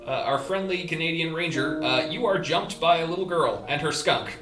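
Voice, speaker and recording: A man narrating a tabletop game as game master, animated and laughing as he describes events. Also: fairly high pitch, moderate pace, roomy sound, soft background music.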